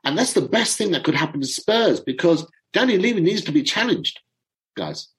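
A man's voice: high voice, moderate pace, poor audio. Chatty middle-aged man talking football. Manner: chatty and excitable, stumbles over names. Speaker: football fan commentator. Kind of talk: casual chat to viewers.

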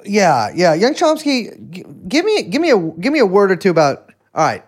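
A man's voice: high-pitched, huge pitch swings, moderate pace. A man hosting a podcast, chatting casually in a jokey, teasing way. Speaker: podcast host. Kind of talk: casual chat.

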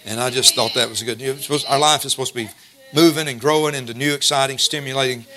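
Bright-voiced folksy preacher man. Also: mid-range voice, fairly even intonation. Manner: folksy, storytelling, slows to stress scripture. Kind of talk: sermon.

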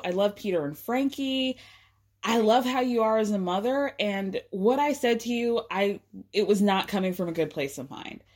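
A woman's voice: mid-range voice, darkish tone, natural voice. A woman voicing a contrite woman who apologizes and pleads for forgiveness.

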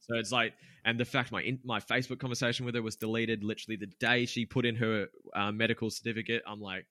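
A man's voice: medium pitch, flat delivery, fast talker, hardly any pauses, pushed and bright, dry recording, studio quality. A man, a podcast guest telling a business story in a candid, rambling way, swearing freely and using lots of fillers. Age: 20s.

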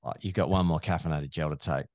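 A man's voice: rumbling low, fast talker, a little mellow, dry recording. A man, chatting casually and wryly on a podcast. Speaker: podcast co-host, marathon runner. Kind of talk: casual chat. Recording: dry close-mic sound.

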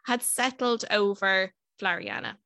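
A woman in her thirties hosting a podcast, telling a story in a chatty, self-mocking way with quick asides. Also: medium pitch, gravelly, pushed and bright, dry recording, studio quality. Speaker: podcast host. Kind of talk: casual chat and storytelling.

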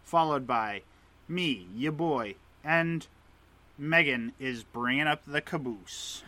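A man co-hosting a podcast in casual chat, playful and quick to laugh. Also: fairly high pitch, bright, forceful tone. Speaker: podcast co-host.

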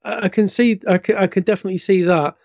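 A man's voice: sits high, fairly even intonation, fast talker, dry recording, lo-fi sound. A man co-hosting a wrestling podcast, chatting with stumbling restarts and laughing at his own jokes. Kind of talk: casual chat.

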